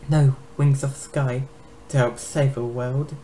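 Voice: mid-range voice, steady tone, takes it slowly, warm tone, natural voice, low-quality recording. A reader voicing a cruel, mocking female dragon villain in an amateur dramatic reading, with faint background noise. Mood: taunting. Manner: taunting, theatrical.

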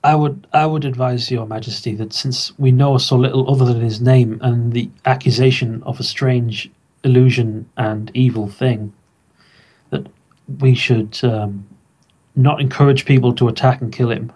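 A man taking part as a player, speaking in a measured, polite way. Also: medium pitch, steady tone, a little mellow, breathy edge. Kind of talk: casual in-character tabletop play.

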